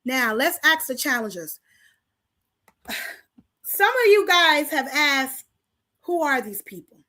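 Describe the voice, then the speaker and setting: High, bright-voiced woman rallying her community. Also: very animated, slow pace. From Paterson, New Jersey. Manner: preachy call-and-response, rallying the audience; talks straight to the viewers, repeating lines for emphasis. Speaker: host of a community talk show. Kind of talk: impassioned community address.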